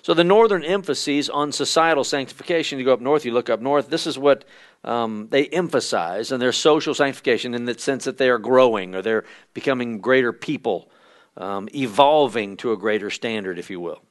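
A man giving a conversational church history lesson at a midweek church service, often pausing with fillers and reading quotations aloud. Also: mid-range voice.

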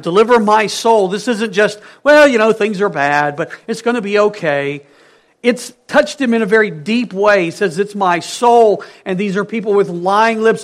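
A male pastor preaching a sermon in an earnest way, moving between emphatic lines and hushed ones. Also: high-pitched.

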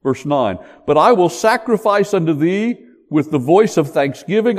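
An older man preaching a sermon, telling the story in an animated way and joking with the congregation. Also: medium pitch, normal speed, hardly any pauses. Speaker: pastor. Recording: long hall reverb.

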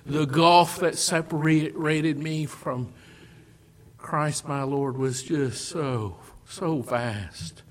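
Slow, dramatic male preacher. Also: a little high. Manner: dramatic, swings between loud declarations and hushed near-whispers; slow, deliberate phrasing. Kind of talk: sermon.

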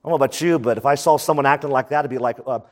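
A man preaching a sermon in a conversational style, full of quick asides. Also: mid-range voice, long reverb tail. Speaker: pastor.

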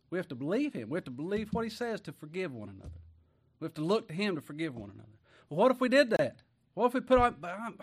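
A man with a drawl delivers a sermon in an easygoing, folksy manner. He keeps turning to his listeners with quick rhetorical questions, and his voice sits a little high for a man. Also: breathy edge. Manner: folksy, asks the congregation many rhetorical questions. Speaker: preacher.

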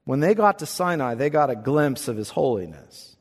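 A man's voice: medium pitch, sing-song, normal speed, husky. A male pastor preaching a sermon with emphatic delivery, often repeating words as he presses a point. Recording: long hall reverb.

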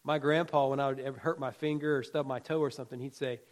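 A man's voice: medium pitch, steady tone, fast talker. A man preaching a sermon as a pastor, talking in a folksy, conversational way with humor and asides, and building emphatic, rhythmic exhortations.

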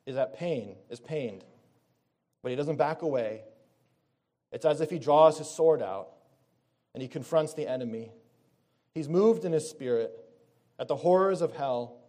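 A man's voice: a little high, unhurried, pauses often, warm tone. A man preaching a sermon in an earnest way, reading scripture aloud and correcting himself as he goes. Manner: earnest, reads scripture aloud and rephrases himself mid-sentence.

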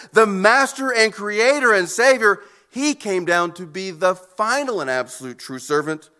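A man's voice: sits high, bright, forceful tone. A man preaching a sermon in an earnest way, often repeating words as he goes. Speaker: pastor.

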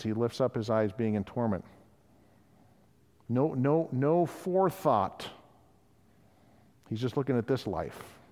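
A man's voice: mid-range voice, darkish tone, big-room sound. A man preaching a sermon in a conversational way, often acting out the voices of people he quotes. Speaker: pastor.

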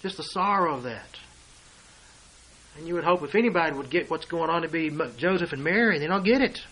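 A man preaching a sermon, reading and explaining scripture verse by verse and swinging between hushed asides and loud declarations. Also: a little high, fairly quick, low-quality recording.

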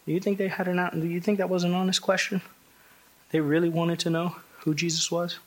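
A man's voice: sits high, level tone, fairly quick. A man preaching an expository sermon, emphatic and conversational, often restarting phrases and asking the congregation rhetorical questions. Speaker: pastor.

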